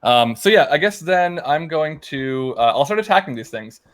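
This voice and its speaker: A man talks through his turn in a casual tabletop game, hesitating and saying um a lot as he decides. His voice is on the high side and fairly bright, with lively intonation and normal speed.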